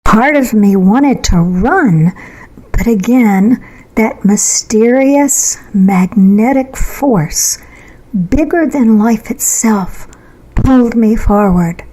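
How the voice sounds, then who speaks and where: A woman reads her own story aloud, building suspense with measured pauses. Her delivery is slow and unhurried. Her tone stays mellow and warm throughout. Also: on the high side, expressive, low-quality recording. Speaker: author and narrator. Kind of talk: storytelling narration.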